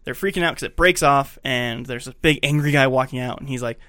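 A man co-hosting a casual podcast, walking through a film scene by scene and doing the characters' dialogue as he goes. His voice sits at an ordinary middle pitch. The recording is dry and close, with no room sound. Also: brisk, pushed and bright, no room sound. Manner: retells scenes acting out the characters' lines. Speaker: podcast co-host. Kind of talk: casual chat, recapping a movie.

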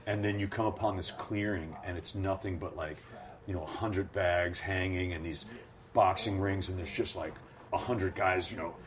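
Low-voiced ring announcer guy telling stories, acts out the voices, super animated. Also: moderate pace, a crowd in the background. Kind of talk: casual storytelling interview.

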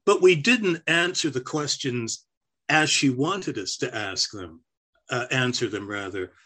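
A man's voice: medium pitch, very animated, measured pace, a bit bright. An older man, a former stand-up comedian, giving a reflective interview with frequent restarts. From half American, raised on air force bases. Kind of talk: oral history interview.

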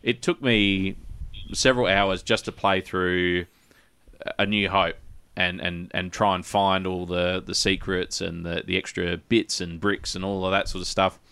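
A man's voice: deep voice, little pitch movement, measured pace, bright, forceful tone, smooth, dry recording. A man hosting a casual gaming podcast, rambling with many restarts and fillers. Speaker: podcast host. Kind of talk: casual chat.

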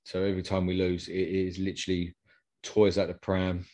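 A man's voice: sits low, monotone, moderate pace, darkish tone. A man hosting a casual football podcast, chatty and rambling, often repeating himself. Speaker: podcast host. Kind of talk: casual chat.

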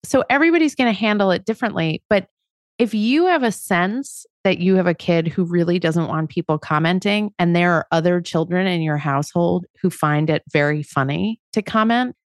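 A woman's voice: lowish voice, normal speed, no echo, clean studio sound. A middle-aged woman co-hosting a podcast, talking through parenting questions in a conversational way. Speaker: podcast co-host. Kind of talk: casual parenting discussion.

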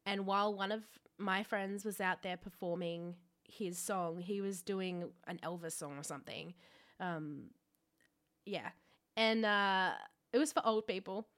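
A young Australian woman with a bright, ringing tone tells a story about herself on a podcast. She mocks herself freely, swears casually, and keeps the chat loose and unscripted. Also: medium pitch, measured pace. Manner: self-mocking, laughs often, swears freely. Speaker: podcast co-host.

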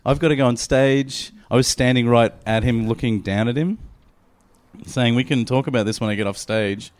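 A man's voice: medium pitch, normal speed, darkish tone. A man on a podcast, telling a rambling story with lots of laughter. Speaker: podcast co-host. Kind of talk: casual comedy chat.

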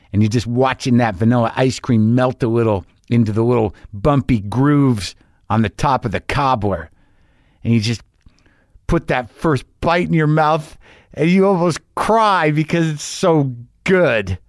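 A middle-aged man hosting his podcast, rambling through a casual monologue with halting restarts and sudden profane bursts of enthusiasm. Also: mid-range voice, a little mellow, no room sound, clean studio sound. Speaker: podcast host.

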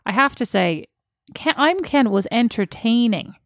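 A woman's voice: a little high, expressive, a little slow, a bit bright, no room sound. Teasing woman co-host, chatty film talk, dry close sound. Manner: playful, teasing, sidetracking. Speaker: podcast co-host. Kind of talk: casual chat reviewing a film.

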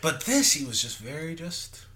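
A man's voice: fairly high pitch, moderate pace, crowd noise. A man co-hosting a podcast, chatting casually about a movie and playfully arguing his point. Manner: animated, playfully argumentative. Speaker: podcast co-host. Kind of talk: casual movie review chat.

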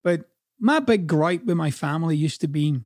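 A man's voice: on the high side, expressive, normal speed, a little mellow, no echo, clean studio sound. A man from Scotland with a Scottish accent, a coach giving a blunt, profane, conversational motivational talk.

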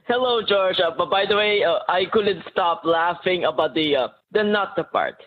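Male phone-in caller, high voice, stumbling and hesitant, thin phone-line sound. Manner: halting, repeats words, many fillers. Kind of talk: phone-in call. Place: calling from Chicago.

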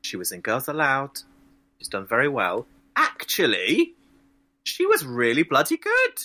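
A man, a drag performer guesting on a podcast, chatting in an animated, exclamatory way. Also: mid-range voice, a little slow. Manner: animated, exclamatory, laughs often. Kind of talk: casual chat.

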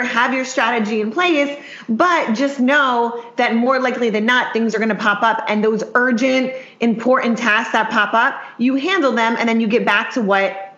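A woman's voice: fairly high pitch, fairly bright tone, echoey room, lo-fi sound. Bubbly chatty woman on a call. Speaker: business coach guest. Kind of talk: casual interview chat. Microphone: video call.

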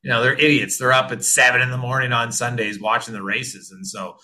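Middle-aged Canadian podcast guest, rambling and friendly, bright edge. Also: male voice, medium pitch, level tone, fairly quick. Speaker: hockey journalist guest. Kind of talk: casual interview answers.

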